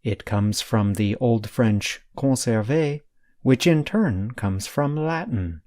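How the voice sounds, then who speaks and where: A man reading a scripted vocabulary lesson as the podcast's teacher, explaining each point carefully and deliberately. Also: mid-range voice, animated, darkish tone, no room sound, clean studio sound.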